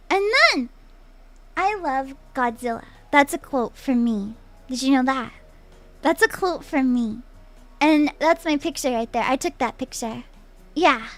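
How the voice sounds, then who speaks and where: A young adult woman streaming as a VTuber, chatting casually and playfully with her viewers, laughing often and repeating her own phrases. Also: high voice. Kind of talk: casual live-stream chat, reading chat aloud.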